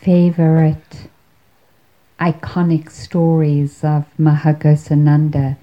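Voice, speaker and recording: A woman giving a storytelling talk in a measured, wry manner, on a slightly muffled recording. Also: low-pitched, monotone. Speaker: speaker telling a story.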